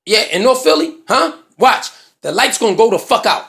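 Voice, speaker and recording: A man's voice: sits high, lively intonation, normal speed, sharp tone. Profane man with a Philadelphia accent. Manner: profane, slangy, acts out both sides of an argument. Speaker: storyteller. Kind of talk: comedic storytelling monologue.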